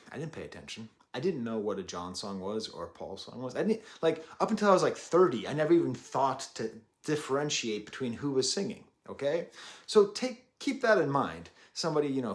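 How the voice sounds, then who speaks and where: A man in his thirties reviewing an album, rambling and self-deprecating with jokey asides. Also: mid-range voice. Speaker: music reviewer. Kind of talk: casual chat.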